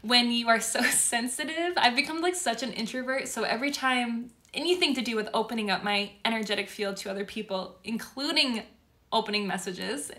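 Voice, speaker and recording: A young woman speaks to her followers in a casual live stream, heartfelt and openly emotional. Her voice sits a little high and rings bright and clear. She gushes with gratitude as she talks. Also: brisk. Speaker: spiritual course creator.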